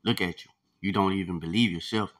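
A man's voice: low voice, fairly even intonation, fairly quick, a bit bright. A man reading aloud, giving voice to a scornful adult male militant in a tense argument.

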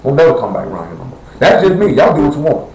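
A man's voice: on the high side, sing-song, racing, a little mellow, roomy sound, poor audio. A man preaching a sermon to his congregation in a blunt, conversational way, questioning the listeners directly. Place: church assembly hall.

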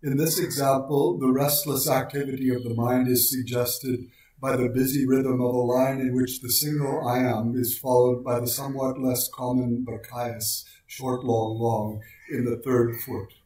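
A man giving a precise, measured lecture on poetic meter and slowing down to recite lines of verse. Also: mid-range voice, flat delivery, a little mellow. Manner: precise, deliberate delivery, slows for quoted lines. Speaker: lecturer on poetry. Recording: very echoey room, voice far from mic.

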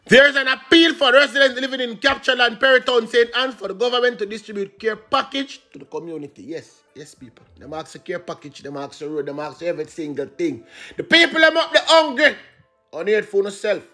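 A Jamaican man hosting online news, reading reports and breaking into lively patois commentary. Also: high voice, fairly quick, hardly any pauses, faint music behind. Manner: animated, switches between read news and banter.

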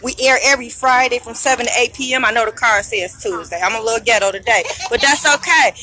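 A loud, chatty woman hosts a live radio stream from a busy outdoor street event. Her voice sits high and bright, and it comes through a phone she holds in her hand as she greets vendors. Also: fast talker, faint music behind. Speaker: internet radio host.

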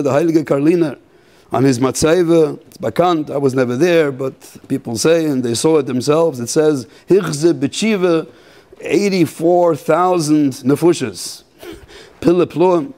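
Mellow rabbi, throat-clearing sermon. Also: male voice, a little high. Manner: halting, repeats words, clears throat often.

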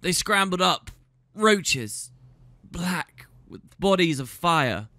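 A man's voice: high-pitched, big pitch swings, slow pace, pushed and bright, no room sound, voice pushed up, heavily acted. A man reading aloud, playing a badly burned, dying farmer who groans and mutters. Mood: agonized. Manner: groaning, strained.

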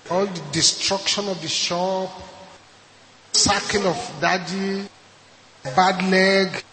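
A man's voice: sits high, fairly bright tone, slight background noise. A Nigerian man preaching a sermon as pastor, emphatic and repeating his key points. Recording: echoey hall with long reverb.

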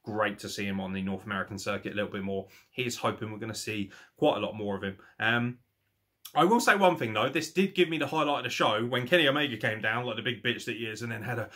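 A man's voice: mid-range voice, fast. A young man giving casual, sweary, sarcastic commentary as a wrestling reaction host. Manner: sweary, sarcastic, animated rants.

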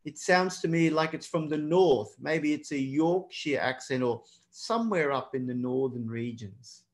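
Running a live online exam prep session, this non-British man talks a little slowly in a voice on the high side. He's chatty and casual, constantly addressing the whole class.

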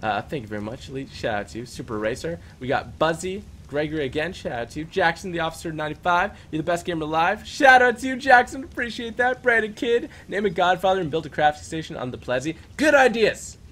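A young man hosting a game live stream, chatting casually and giving quick, upbeat shout-outs with some stumbles. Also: fairly high pitch, expressive. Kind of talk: casual live-stream chat, reading out super chats.

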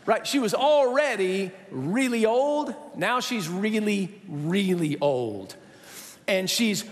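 A man preaching a conversational sermon, telling a story with quick asides and rhetorical questions. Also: high-pitched, a bit bright. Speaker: pastor. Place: large church sanctuary. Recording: reverberant church hall.

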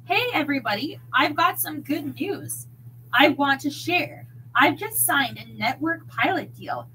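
Woman voicing a smug male comic, sneering, bright tone. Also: sits high, animated, measured pace, a little hiss or hum, full character voice, poor audio. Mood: boastful.

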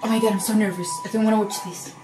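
A woman vlogger reacting to a TV episode, excitable and swearing as she shouts at the screen. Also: mid-range voice, racing, noisy background. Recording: echoey room with faint TV music.

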